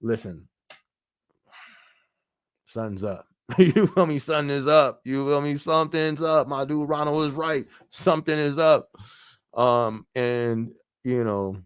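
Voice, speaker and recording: Man, casual live-stream host, mid-pitched voice, dry close sound. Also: slow, pauses often, smooth, dry recording. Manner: relaxed, laughs often, reads viewer comments aloud. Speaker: podcast host.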